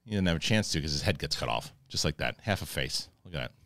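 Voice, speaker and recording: Male host, low voice, dry close sound; casual, profane, excitable recap of a TV episode. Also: quick pace, no echo. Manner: profane, excitable retelling with acted-out quotes. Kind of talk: casual spoken TV episode review.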